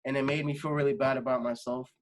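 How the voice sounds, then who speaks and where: A man's voice: mid-range voice, flat delivery, fast talker. A young adult man, a singer guest on a podcast, talking casually and rambling with lots of fillers and swearing. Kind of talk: casual interview chat.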